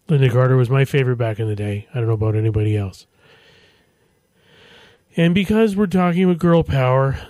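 A man's voice: medium pitch, mellow, no echo. Middle-aged guy doing radio dj chat, jokey, mid voice, dead dry studio mic. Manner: chatty, self-deprecating jokes. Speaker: radio host. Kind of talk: casual radio DJ patter. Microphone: studio microphone.

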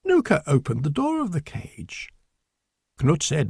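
A man reading a children's storybook aloud in a slow, clear, deliberate manner. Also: fairly high pitch, wildly swooping pitch, darkish tone, dry recording, studio quality. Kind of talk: storybook narration.

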